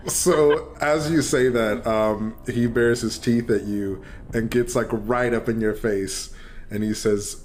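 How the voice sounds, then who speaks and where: A man running a tabletop game as dungeon master, narrating with many pauses and fillers. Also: mid-range voice, fairly even intonation, a little mellow, soft background music. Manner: hesitant, full of fillers.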